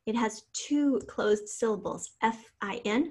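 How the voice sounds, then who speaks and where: A woman teacher giving a recorded spelling lesson over slides, spelling out letters slowly and patiently. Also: fairly high pitch, breathy edge.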